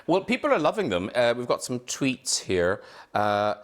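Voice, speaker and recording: A man's voice: mid-range voice, sing-song, moderate pace. A male talk show host with a wry, quipping delivery, doing a joking monologue and then interviewing a guest over a video call.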